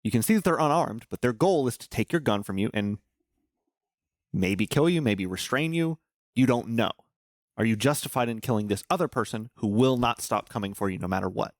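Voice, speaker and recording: A man co-hosting a casual podcast chat, swearing freely and spinning animated stories and hypotheticals. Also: mid-range voice, fairly quick, dry recording, clean studio sound. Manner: profane, animated storyteller posing hypotheticals. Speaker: podcast co-host.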